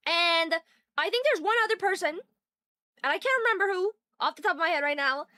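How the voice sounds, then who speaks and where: A young woman streamer chatting fast and bubbly with her live chat, greeting viewers. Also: extremely high pitch, lively intonation, pushed and bright, dry recording, studio quality. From Canada.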